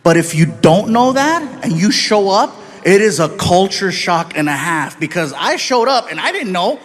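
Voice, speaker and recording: Man, stand-up comedian, high voice, animated, live stage. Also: normal speed. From United States. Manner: animated, acts out voices, swings between loud and soft. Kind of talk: stand-up storytelling.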